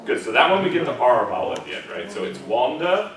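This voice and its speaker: An American man leads a diction class, modeling words aloud and giving quick corrective feedback with a lively, swinging pitch. He is picked up from a distance in an echoey classroom, with steady background noise behind him. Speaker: diction teacher.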